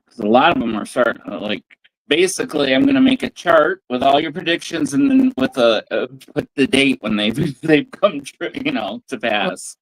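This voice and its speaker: A man's voice: medium pitch, normal speed, dry recording, low-quality recording. A man co-hosting a casual livestream, speaking hesitantly with many fillers. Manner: hesitant, filler-heavy, laughs along. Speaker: co-host.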